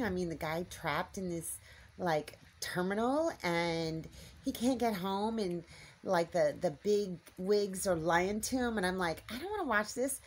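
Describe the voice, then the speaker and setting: A woman chatting casually to the camera in a homestead vlog, rambling and thinking aloud as she goes. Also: mid-range voice. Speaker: homestead vlogger. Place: small home at night, later outdoors in the yard.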